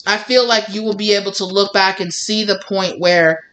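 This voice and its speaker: A woman reads tarot for her viewers in a loose, chatty way. She rambles and circles back, filling her talk with "like" and "you know." Her voice sits at an ordinary middle pitch. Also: steady tone, normal speed, fairly bright tone. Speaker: tarot reader. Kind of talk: casual tarot reading to viewers.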